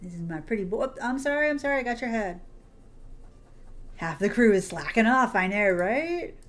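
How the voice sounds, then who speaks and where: A woman's voice: fairly high pitch, expressive, moderate pace, a bit bright. A woman streaming a game, chatting casually and affectionately with her viewers, calling them sweetie and hon. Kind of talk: casual livestream chat while playing.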